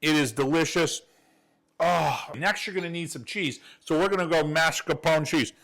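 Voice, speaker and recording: An enthusiastic man hosts a cooking show from his home kitchen, with a slightly higher voice than most men. He chats folksily and straight to the camera, walking viewers through a recipe. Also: normal speed, creaky, a bit bright. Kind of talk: chatty cooking demonstration.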